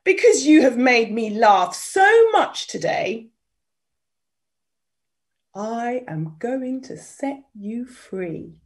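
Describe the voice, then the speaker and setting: Lady doing a big gruff storybook lion, bossy king of the forest, booms his words. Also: sing-song, drawn-out words, long pauses, heavily acted.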